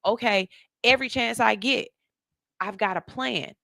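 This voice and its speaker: A woman's voice: on the high side, unhurried, gravelly, pushed and bright, dry recording, studio quality. A middle-aged woman, hosting a radio show and chatting loosely, laughing and using slang as she reads listener comments. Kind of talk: casual chat reading viewer comments. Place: radio studio.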